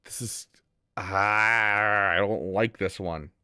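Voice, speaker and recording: A man streaming a game, chatting casually with his viewers in a bemused, teasing way and getting loudly exasperated at the gameplay. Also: lowish voice, steady tone, slow pace, clear, resonant tone, dry recording, studio quality. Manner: bemused banter with chat, rising to loud exasperation. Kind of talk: casual live-stream commentary.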